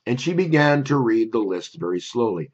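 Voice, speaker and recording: Husky older man telling a story. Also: mid-range voice, big pitch swings, normal speed, darkish tone, highs cut off. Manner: conversational, wry storyteller. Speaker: memory course instructor. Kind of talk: personal storytelling and course pitch.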